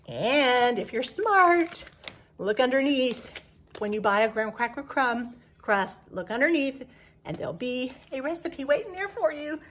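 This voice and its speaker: A woman's voice: high-pitched, lively intonation, a little slow, a bit bright, a little hiss or hum. A woman, chatting homey and rambling through a grocery haul as a channel host in her farmhouse kitchen. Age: 60s. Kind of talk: casual grocery haul vlog.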